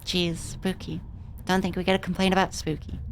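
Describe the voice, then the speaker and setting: Woman streamer, young, lowish voice, casual and foul-mouthed, reads game dialogue aloud. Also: level tone, a little fast, a little hiss or hum. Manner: casual, swearing freely.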